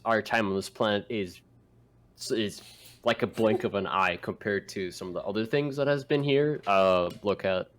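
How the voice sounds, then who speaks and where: A man co-hosting a casual podcast, leading into the topic with mock-grand, rambling build-ups full of restarts. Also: fairly low pitch. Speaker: podcast co-host. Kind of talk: casual chat among friends.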